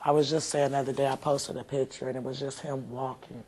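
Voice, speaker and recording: A woman's voice: a bass voice, flat delivery, fast, a little mellow, husky. A woman, a mother being interviewed, talking heartfelt and rambling with many fillers. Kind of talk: emotional interview recollection.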